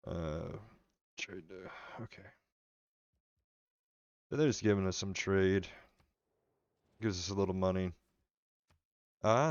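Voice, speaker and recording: A man's voice: low voice, smooth, no echo, lo-fi sound. A man streaming a strategy game live, chatting casually and rambling with his viewers as he plays. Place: home room.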